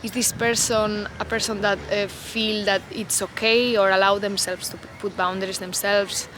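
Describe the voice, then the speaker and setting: Woman, unscripted to-camera talk, loose reflective rambling, outdoors, clear passing-vehicle noise. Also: mid-range voice, level tone, moderate pace, a bit bright, low-quality recording. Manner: reflective, loose, heavy on "you know" and "like" fillers. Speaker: vlogger.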